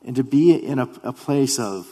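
A man preaching a sermon in an earnest way, repeating himself and dropping to a hush when he voices quoted prayers. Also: medium pitch, expressive, moderate pace. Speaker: pastor. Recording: long hall reverb.

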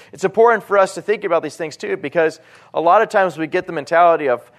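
Animated male preacher with a higher voice. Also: brisk. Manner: animated, swings between loud emphasis and quiet asides. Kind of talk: sermon.

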